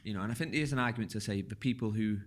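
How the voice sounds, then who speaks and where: A man with a slightly low voice hosting a casual podcast interview. He talks loosely and at length, circling back and restarting his questions as he thinks them through. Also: racing. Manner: rambling, relaxed, restarts questions often. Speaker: podcast host.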